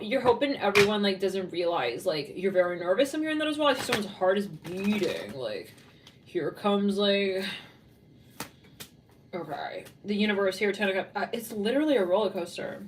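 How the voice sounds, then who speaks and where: A chatty woman with a Californian accent talks loosely through a tarot reading, laughing between phrases and filling her sentences with "like." Her voice sits at an ordinary pitch. It is recorded from a little way off the mic, with a faint hiss underneath. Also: lively intonation, moderate pace, distant mic. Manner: rambling, giggly, lots of "like". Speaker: tarot reader.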